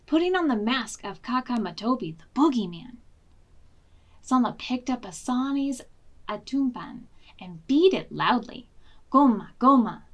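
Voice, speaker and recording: A woman librarian reads a picture book aloud at a preschool storytime, acting out sound effects. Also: fairly high pitch. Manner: slow, expressive, sound-effect reading. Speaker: children's librarian.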